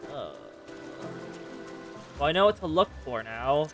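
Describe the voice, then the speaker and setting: A man commenting casually on his own gameplay, talking to himself, swearing, and swinging between loud exclamations and quiet mutters. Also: a little high, expressive, unhurried, music in the background. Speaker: game streamer.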